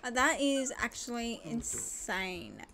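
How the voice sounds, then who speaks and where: A woman casually narrating her own life-sim game, gushing and excitable with frequent gasps and squeals. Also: on the high side, slow, gravelly, slight background noise. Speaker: gaming video host. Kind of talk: casual let's-play commentary.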